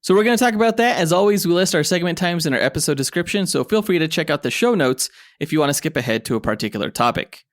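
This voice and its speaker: A man's voice: a little high, lively intonation, quick pace, few pauses, no echo, studio quality. A man co-hosting a comic book podcast, reading show promos and chatting about news. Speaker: podcast co-host. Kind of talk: casual podcast chat.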